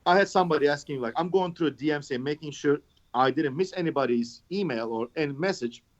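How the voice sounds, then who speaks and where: A man's voice: a little high, fast talker. A man telling stories in a casual podcast chat, sarcastic and swearing often. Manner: sarcastic storyteller, swears a lot. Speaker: knifemaker, podcast guest. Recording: dull lo-fi podcast recording.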